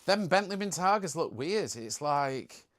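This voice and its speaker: A young man chats away on his live stream, joking as he reads out viewer comments. His voice sits a little high for a man and swings widely in pitch. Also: animated, measured pace, a bit bright. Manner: chatty and jokey, reading out viewer comments. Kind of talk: casual live stream chat.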